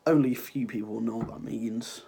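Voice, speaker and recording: Teen boy ranting on his channel, stuffy sick voice, husky, sarcastic and sweary. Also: medium pitch, steady tone, fairly quick, dark tone. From Ireland. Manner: sarcastic, rambling, swears freely. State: sick with a cold, sniffling. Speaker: vlogger. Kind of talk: casual ranting vlog.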